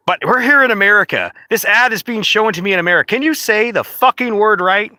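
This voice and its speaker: A man's voice: high-pitched, lively intonation, fast talker, hardly any pauses, sharp tone, dry recording. A man ranting casually to the camera in a profane, rambling, indignant way. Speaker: vlogger.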